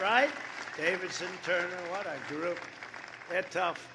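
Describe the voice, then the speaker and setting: A man's voice: sits high, expressive, normal speed, noisy background. A man in his seventies giving a campaign rally speech, rambling and repetitive, with off-script asides to the crowd. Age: 70s. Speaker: political candidate.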